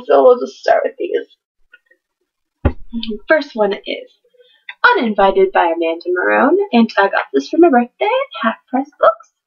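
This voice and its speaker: A woman's voice: on the high side, big pitch swings, unhurried, creaky, long pauses. A teenage girl rambling about her books in a hyper, giggly way, vlogging at home. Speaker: book vlogger. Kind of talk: casual chat to camera. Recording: dull lo-fi webcam audio.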